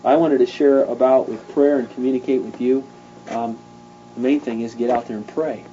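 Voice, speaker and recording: A man's voice: medium pitch, steady tone, moderate pace, warm tone, dull audio, faint music behind. Fervent, conversational male preacher. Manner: fervent, conversational, acts out stories in voices. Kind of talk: informal sermon.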